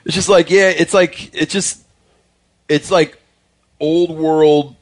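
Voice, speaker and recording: A man's voice: on the high side, steady tone, slow pace. A man hosting a casual podcast chat, talking loosely with plenty of fillers. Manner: chatty, loose, full of "like" fillers. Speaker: podcast host.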